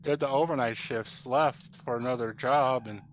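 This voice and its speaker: A man's voice: mid-range voice, moderate pace, lo-fi sound, slight background noise. A young man chatting on a live game stream, telling a story and acting out the exchanges he quotes. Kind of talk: casual chat while gaming.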